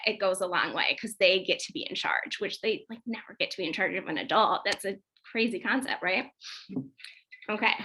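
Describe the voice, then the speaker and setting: A woman psychologist giving a casual, animated workshop talk to parents, often checking in with her listeners. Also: mid-range voice, poor audio. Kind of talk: informal workshop presentation.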